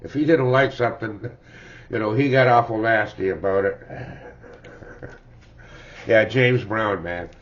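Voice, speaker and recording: In a dull, lo-fi home recording, an older man reminisces casually about the records he loves, chuckling, rambling, and closing sentences with "eh?". His voice is on the low side, measured in pace with long pauses, as befits a music-collector vlogger.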